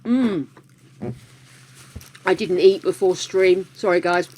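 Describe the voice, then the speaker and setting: A woman's voice: fairly low pitch, steady tone, slow, darkish tone. A woman hosting a livestream, chatting casually with viewers, laughing often and greeting them by name. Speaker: livestream host.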